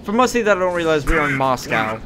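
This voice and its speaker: A man giving casual gameplay commentary, excitable and swearing, with frequent exclamations. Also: fairly high pitch, fast talker, very noisy. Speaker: let's play gamer. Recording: game sounds under voice.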